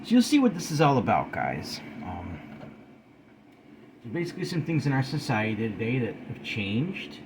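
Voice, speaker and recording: A man at a middle pitch reads his own written piece to viewers, phrase by phrase, with lively swings in his intonation. He keeps stepping out of the text for casual asides. Faint noise sits under the recording. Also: normal speed. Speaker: channel host. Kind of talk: reading his own article aloud with asides.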